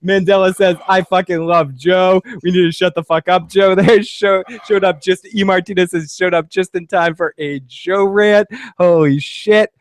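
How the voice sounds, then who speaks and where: A man's voice: high-pitched, steady tone, normal speed, hardly any pauses. A man hosting a casual live stream, laughing often and reading out viewer comments. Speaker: podcast host.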